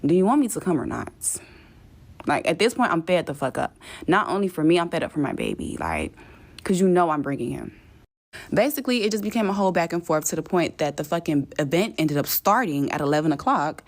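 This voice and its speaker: A woman's voice: sits low, sing-song. A woman telling a travel story as a casual, exasperated rant, cursing freely and mimicking the people she dealt with. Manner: profane, exasperated, mimics others in quick asides.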